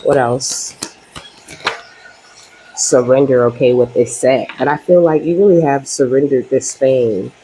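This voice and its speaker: Female tarot reader, casual and conversational, mellow tone, faint background hiss. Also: extremely low pitch, unhurried, pauses often, poor audio. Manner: chatty, often tags lines with "okay?" and "you know?". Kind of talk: casual spiritual tarot reading.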